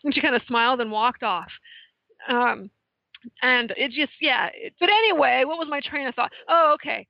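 Higher-voiced woman chatting candidly. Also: moderate pace, creaky, dry recording. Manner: candid, swears freely, laughs while talking. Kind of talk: casual chat. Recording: dry, dull lo-fi recording.

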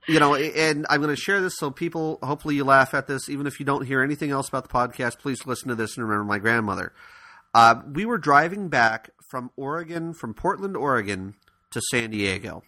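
A man co-hosting a podcast, casually telling a funny family story in an animated way, with frequent laughs. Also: mid-range voice, brisk, dry recording. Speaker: podcast co-host.

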